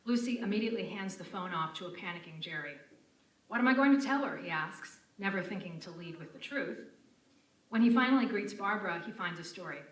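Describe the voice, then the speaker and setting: A woman with a fairly low, bright, forceful voice reads a prepared academic lecture in a measured, formal way. She sounds distant from the mic, in a roomy university lecture room. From United States (Connecticut). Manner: measured, formal delivery of written prose. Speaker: lecturer presenting a paper.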